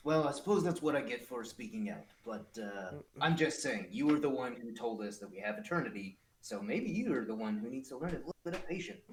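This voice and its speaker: A man's voice: medium pitch, expressive, brisk, few pauses, natural voice. A man plays a cheeky male adventurer in a tabletop game, talking back with mild sarcasm. He sounds distant, in a roomy space with faint noise. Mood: sarcastic. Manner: sarcastic, mildly mocking.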